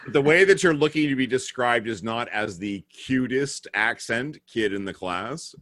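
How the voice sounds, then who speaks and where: A man from England and Spain telling a story in casual talk, acting out the voices lively. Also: mid-range voice, normal speed, no echo, studio quality. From England and Spain, raised partly in the UK. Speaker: panel guest.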